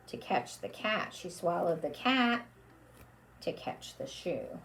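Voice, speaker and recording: A woman's voice: on the low side, expressive, creaky, a bit bright. A woman leading a children's storytime with a puppet, drawing out her words in a sing-song way. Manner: slow, sing-song, drawn-out for kids.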